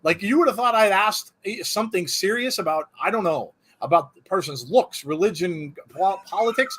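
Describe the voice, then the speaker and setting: This man hosts a live wrestling watch-along, chatting casually in an animated, rambling way and laughing often. His voice is high-pitched and slightly rough, and he talks fairly quickly.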